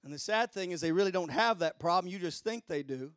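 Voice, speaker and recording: A man preaching a sermon. He swings from hushed asides to shouted preaching and keeps crying out hallelujah and glory. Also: high-pitched, lively intonation, fast talker, smooth, dry recording, studio quality. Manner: exclaims hallelujah and glory often.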